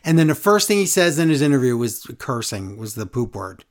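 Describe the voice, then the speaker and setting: A man's voice: mid-range voice, sing-song, brisk. A man co-hosting a casual wrestling podcast, ranting and mocking wrestlers with sing-song repeated lines. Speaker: podcast co-host.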